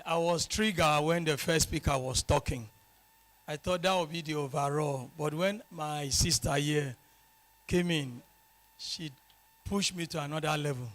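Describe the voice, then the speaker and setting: Earnest man giving a short testimony. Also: fairly high pitch. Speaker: community committee leader. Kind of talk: audience testimony.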